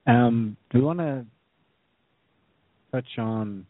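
A man's voice: mid-range voice, takes it slowly, no room sound. Man co-host, short agreeing replies, dry close sound through a tinny line. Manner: brief agreeing interjections. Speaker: podcast co-host. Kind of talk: casual chat.

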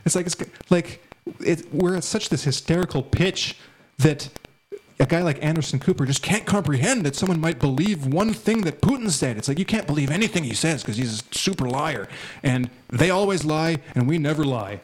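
A man's voice: fairly high pitch, animated, brisk, poor audio. A man in casual political chat, heated and scornful, rambling with many restarts. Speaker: podcast co-host.

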